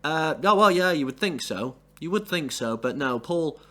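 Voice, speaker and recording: A man's voice: on the high side, expressive, moderate pace, sharp tone. A man casually reviewing an album on his own channel, rambling with many fillers and restarts. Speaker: music reviewer.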